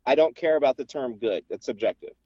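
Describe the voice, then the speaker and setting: A man's voice: medium pitch, fast, no echo. A man calling in to a podcast by phone, debating casually and insisting on precise terms. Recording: dull lo-fi phone line.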